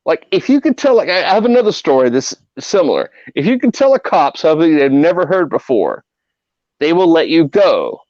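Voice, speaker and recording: This middle-aged podcast host spins loose, swear-filled anecdotes in a relaxed way, his fairly high voice sing-song, slightly quick, and a bit dark in tone. There's no echo, though the recording sounds dull and lo-fi.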